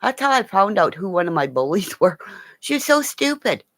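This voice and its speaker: A middle-aged woman hosting a rambling, casual livestream chat, excitable, gasping and dropping into whispers. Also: mid-range voice, moderate pace, no echo, studio quality. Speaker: livestream host.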